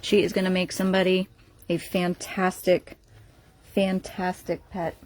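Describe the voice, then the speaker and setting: A woman's voice: fairly low pitch, level tone, measured pace, darkish tone. A woman from an animal rescue talking to camera in a casual, playful way while puppies climb over her lap indoors. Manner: playful baby talk to puppies, laughing often.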